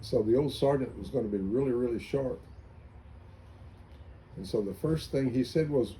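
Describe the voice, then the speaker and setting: A man's voice: medium pitch, moderate pace, pauses often, dark tone, slight background noise, poor audio. An older man, a veteran, recalling his army days in an oral history interview, telling anecdotes with many restarts. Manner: rambling anecdotal storytelling with restarts.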